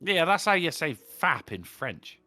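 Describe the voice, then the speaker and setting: A man's voice: on the high side, very animated, unhurried, bright, forceful tone, no room sound, soft background music. A man co-hosting a casual comedy podcast, tossing in crude puns and joking interjections. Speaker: podcast co-host.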